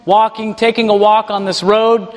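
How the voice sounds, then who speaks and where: A man who leads a ministry tells a personal testimony in an animated way and chuckles as he goes. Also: sits high, moderate pace, long reverb tail. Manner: animated, chuckles while telling stories. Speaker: ministry leader.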